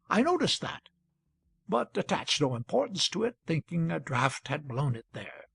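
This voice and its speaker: A man reading an audiobook, voicing a townsman who defends himself before a public hall in an earnest, measured, pleading way. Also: fairly high pitch, creaky, breathy edge, heavily acted.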